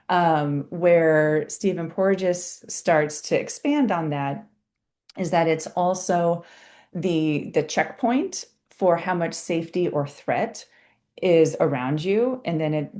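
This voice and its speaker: A woman teaching parents in a casual live online session, chatty and animated, often laughing as she explains. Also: low voice. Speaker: parenting educator. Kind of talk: casual live webinar talk.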